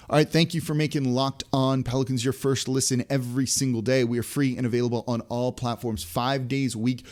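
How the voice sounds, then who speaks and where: A man's voice: medium pitch, flat delivery, fairly quick, hardly any pauses, darkish tone. A man hosting a sports podcast, ranting in exasperation with many restarts and rhetorical questions. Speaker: podcast host. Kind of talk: frustrated sports podcast rant.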